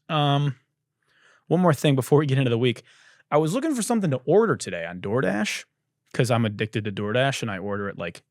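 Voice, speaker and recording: Animated, swearing male podcast host. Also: on the low side, no room sound, clean studio sound. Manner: animated, profane ranting. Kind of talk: comedic monologue.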